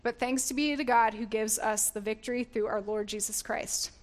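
Woman giving a sermon, earnest, laughs a lot, trips over words and restarts, kinda high voice. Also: steady tone, moderate pace. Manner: earnest, laughs often, self-correcting restarts. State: getting emotional. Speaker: preacher. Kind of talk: sermon reading scripture.

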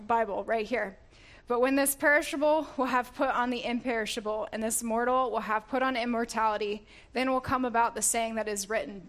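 Woman preacher, earnest teaching tone, pitch on the higher side, warm scripture reading. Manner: earnest, laughs often, self-correcting restarts. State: getting emotional.

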